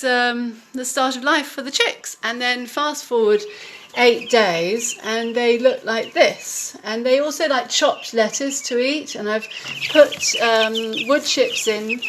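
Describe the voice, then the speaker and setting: A woman giving a casual home tutorial, explaining gently with many hesitant ums. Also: on the high side, slight background noise. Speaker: home demonstrator.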